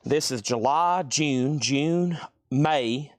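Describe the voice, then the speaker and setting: A man hosting a live-streamed record sale, chatting quickly through prices and buyer names, a bit out of breath. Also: on the high side, no echo, studio quality.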